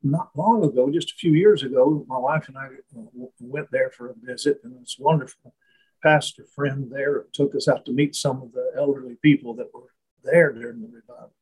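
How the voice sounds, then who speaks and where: A man speaking as a guest, telling a reflective story in conversation, halting and restarting often. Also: mid-range voice, a little mellow, breathy edge, rough recording. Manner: slow, halting, many restarts and fillers.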